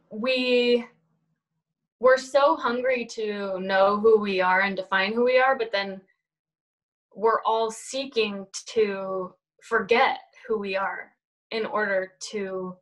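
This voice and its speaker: A woman's voice: medium pitch, a bit bright. A woman, an actress and producer, talking reflectively as a podcast guest with many fillers. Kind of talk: casual interview chat.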